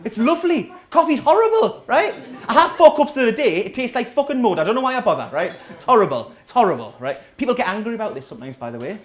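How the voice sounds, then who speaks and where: A man's voice: very high-pitched, very animated, quick pace, hardly any pauses. A man, doing a chatty, sardonic live stand-up set in a small coffee shop, often checking in with the crowd. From North East England. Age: 30s. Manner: sardonic, chatty, keeps asking the crowd "right?". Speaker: stand-up comedian.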